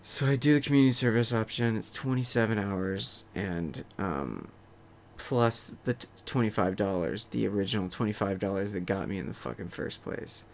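A man's voice: fairly low pitch, moderate pace, a little hiss or hum. A young man casually telling a profane, self-mocking story to camera. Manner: profane, self-mocking, rambling anecdote with acted-out quotes. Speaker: vlogger.

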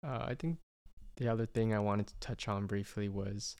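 A man's voice: lowish voice, moderate pace. A young man in his twenties, a medical student, talking through his experiences in an earnest, reflective casual conversation. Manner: earnest, reflective, thinks out loud with restarts.

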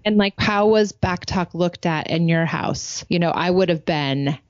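Woman, 30s-40s, podcast co-host, animated storytelling, muffled dull mic. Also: fairly low pitch, measured pace, no echo. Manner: animated storyteller, laughs often. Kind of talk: casual podcast chat.

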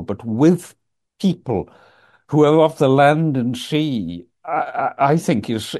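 An older man tells stories in an unhurried, reflective way, pausing on ums and restarting phrases. His voice sits at an ordinary middle pitch and comes across a video call from his office. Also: mellow. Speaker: guest. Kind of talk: storytelling in a conversational interview.

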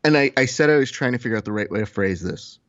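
A man co-hosting a podcast in casual chat, telling a long story and acting out the people in it with quick put-on voices. He swears freely and keeps an easy, conversational flow. His voice sits at a middle pitch, recorded dry and a little dull. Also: expressive, fairly bright tone, no room sound. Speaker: podcast co-host.

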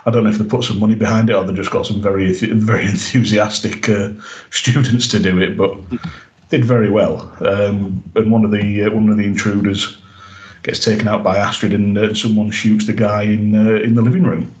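A man's voice: fairly low pitch, level tone, fairly quick, darkish tone, low-quality recording. A man hosting a podcast, chatting casually with frequent fillers, restarts and laughter. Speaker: podcast host.

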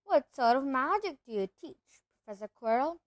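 A woman's voice: high-pitched, very animated, normal speed, no room sound. A woman reading aloud, voicing a curious young boy in a plain, questioning voice close to her own.

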